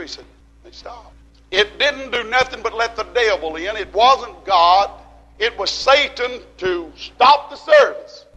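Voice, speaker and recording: A man preaches a fiery sermon in a strikingly high voice. His tone is bright and forceful, and he rises into shouts, then slows to hammer home short repeated lines. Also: a little hiss or hum, poor audio. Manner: preaching with rising shouts and slow emphatic repeats. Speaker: pastor.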